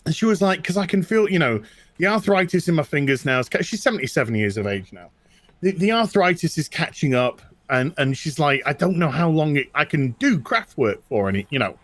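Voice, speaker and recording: A man's voice: fairly high pitch, fairly quick, dry recording. A middle-aged British man in casual chat, telling personal stories with lots of restarts and repetition. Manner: animated, repeats himself, tells stories. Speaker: co-host.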